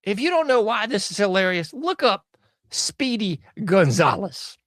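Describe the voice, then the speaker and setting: A man's voice: high voice, lively intonation, fairly quick, a bit bright, no room sound. A man hosting a podcast, riffing sarcastically on news clips and laughing often. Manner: sarcastic, laughing, drawling slang. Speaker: show host. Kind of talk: casual podcast commentary.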